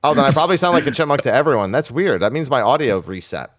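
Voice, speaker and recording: A man hosting a casual podcast over an online call, talking in quick, exasperated banter about tech trouble. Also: medium pitch, lively intonation, a bit bright. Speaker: podcast host. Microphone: desk microphone on a call.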